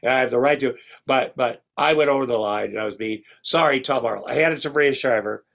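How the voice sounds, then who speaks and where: A man's voice: medium pitch, fast, creaky, fairly bright tone. A middle-aged man, a guest on a podcast, telling long stories in a rambling, casual way and acting out what others said. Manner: rambling, restarts often, acts out quoted lines. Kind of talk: casual storytelling chat.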